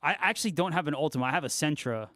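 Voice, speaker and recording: A laid-back male livestreamer and guitarist reads viewer comments in casual chat, swearing freely and laughing often. His fairly high voice is very fast, sharp, and full of lively intonation, captured in a dry, studio-quality recording.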